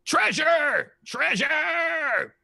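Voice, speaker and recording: A man voicing a hungry white dragon that speaks in short, high, broken words. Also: sing-song, very slow, creaky, sharp tone, shouting, heavily acted. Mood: greedy. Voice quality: high and clipped, broken common. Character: hungry young white dragon, crude speech.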